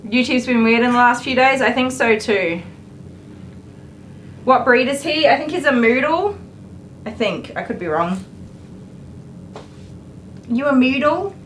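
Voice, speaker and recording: A woman dog groomer on a live stream, firmly telling a dog to stop and then calmly explaining her work to viewers. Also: high-pitched, unhurried, pauses often. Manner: firm commands to dog, then calm explaining. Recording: noisy grooming room with clipper buzz.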